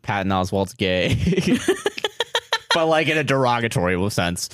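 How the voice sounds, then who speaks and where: Lively low-voiced man, profane banter. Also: measured pace, no echo, clean studio sound. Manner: animated, laughing, profane banter. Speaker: podcast co-host. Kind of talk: casual chat.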